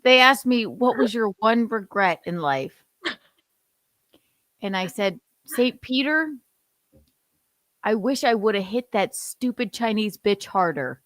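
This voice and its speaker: A woman putting on a crude, resentful elderly pope, talking slowly and mock-solemnly with swearing. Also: medium pitch, expressive, fairly bright tone, dry recording, voice pushed down. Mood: mock-pious.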